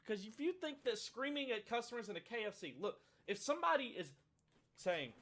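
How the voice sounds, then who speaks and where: High, animated, sarcastic male ranter. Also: normal speed. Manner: animated, sarcastic, profane ranting. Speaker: video commentator. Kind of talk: comedic commentary.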